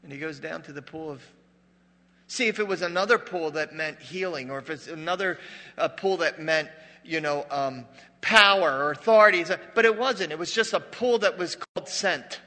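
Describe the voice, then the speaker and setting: Delivering his sermon at a moderate pace, this pastor has a slightly high voice that is sharp and forceful. He jokes and chats his way through the story, dropping to a hush for dramatic beats, and a large hall's lingering reverb follows each phrase.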